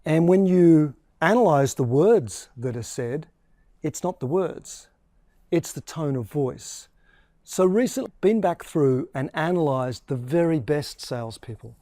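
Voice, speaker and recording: A man's voice: fairly high pitch, animated, slow, dark tone, no room sound, clean studio sound. A man, a sales trainer, explaining a training course and demonstrating different tones of voice as he talks.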